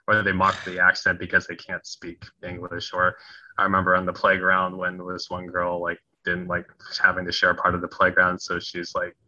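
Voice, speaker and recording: A conflict resolution coach from Wisconsin, later Tennessee, tells stories as a guest in a podcast interview, his deep voice very bright and forceful at a brisk pace. He acts out the voices he quotes and laughs at himself. The audio is dull, with no room sound.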